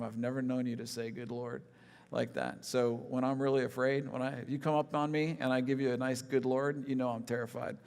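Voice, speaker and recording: With a creaky, medium-pitched voice, a middle-aged pastor tells self-mocking, humorous stories from his life during a conversational sermon. He's in a church sanctuary, and the big hall echoes with long reverb.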